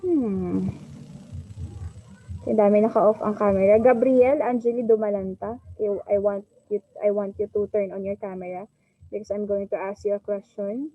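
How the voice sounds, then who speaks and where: A woman's voice: mid-range voice, steady tone, normal speed, mellow. Filipino woman teaching an online class. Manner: drills pronunciation, repeats "okay" often. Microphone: video call. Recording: dull lo-fi online call audio.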